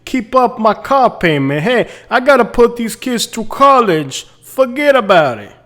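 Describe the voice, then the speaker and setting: A man voicing a brash, scheming male realtor with a put-on New York accent, loud and mock-tough. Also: very high voice, sing-song, a little slow, voice pushed up, heavily acted.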